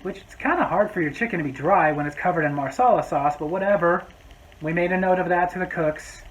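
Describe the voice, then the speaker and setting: A man's voice: high-pitched, a little fast, rough recording. Sarcastic man telling a work story. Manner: sarcastic, exasperated asides. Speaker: vlog storyteller. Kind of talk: storytime monologue.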